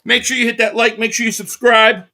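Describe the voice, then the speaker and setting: A man from the Philadelphia area hosting a live football reaction stream, calling plays as an excited fan and reading out viewer donations. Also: very high-pitched, fairly quick. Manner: excitable fan commentary, reading out super chats.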